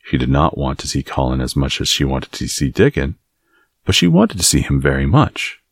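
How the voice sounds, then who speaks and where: A man narrating a classic children's novel as an audiobook, in a measured storytelling manner. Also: a bass voice, huge pitch swings, no room sound, studio quality. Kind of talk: scripted narration.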